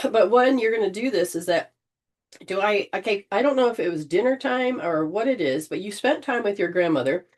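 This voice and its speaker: A woman leading an informal spiritual healing session, gently coaching and often restarting her sentences. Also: mid-range voice, lively intonation, normal speed. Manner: rambling, with frequent restarts and throat clearing.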